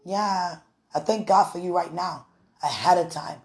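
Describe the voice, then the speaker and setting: A woman's voice: on the low side, a little slow, a little mellow. A woman talking to the camera in a casual devotional vlog, rambling and affectionate, often breaking into laughter. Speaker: vlogger.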